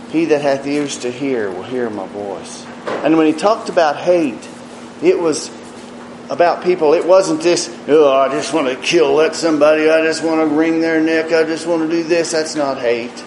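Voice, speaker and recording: A man preaching a sermon earnestly, rising in emphasis and dropping to quiet, low asides. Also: reverberant, background noise. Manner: slow, earnest preaching with rises and quiet drops.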